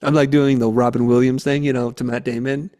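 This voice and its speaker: A man's voice: medium pitch, fairly quick. A man, a guest speaker, telling a story in a podcast interview and acting out the quotes in it. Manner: animated storyteller who acts out the quotes. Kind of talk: conversational storytelling.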